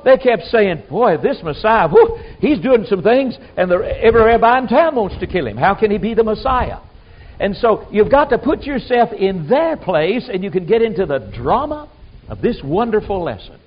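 Animated, high-voiced folksy preacher. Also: male voice, moderate pace. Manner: folksy, emphatic, acts out quotes. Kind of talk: sermon. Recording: dull lo-fi sound.

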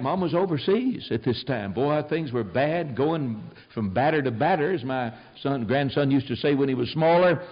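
An older man preaching a sermon, telling stories in an animated, emphatic way. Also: on the high side. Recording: dull lo-fi sound.

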